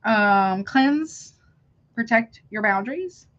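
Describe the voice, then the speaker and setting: A woman reads tarot cards on a live stream. She chats loosely with her viewers, breaks off mid-sentence and calls them honey. Her voice sits a little high, and the sound is dull and lo-fi. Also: animated, takes it slowly, a bit bright. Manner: chatty, calls viewers honey, self-interrupting. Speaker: tarot reader. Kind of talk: live tarot reading, reacting to chat.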